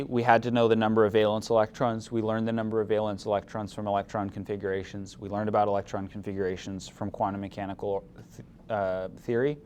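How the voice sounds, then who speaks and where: Low-voiced man lecturing on chemistry. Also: a little mellow, slight background noise. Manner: asks the class questions, mildly opinionated. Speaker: chemistry instructor. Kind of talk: classroom lecture.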